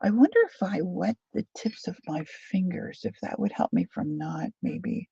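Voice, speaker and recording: This craft stream host speaks at a moderate pace in a fairly low voice that is gravelly, husky, and warm. She rambles, jokes at her own expense, and greets viewers by name, in dull lo-fi audio with no echo.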